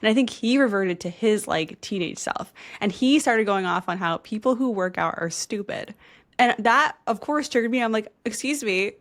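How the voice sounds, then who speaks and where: A woman's voice: medium pitch, expressive, normal speed. A woman hosting a podcast who speaks openly about her own life, laughs easily and keeps a casual, conversational tone. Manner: open, personal, laughs easily. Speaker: host.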